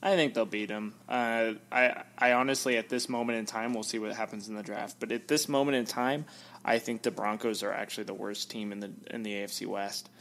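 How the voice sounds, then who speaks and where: Male football podcast co-host, somewhat low voice, halting casual delivery. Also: fairly even intonation, fairly bright tone, a little hiss or hum. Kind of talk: casual sports talk.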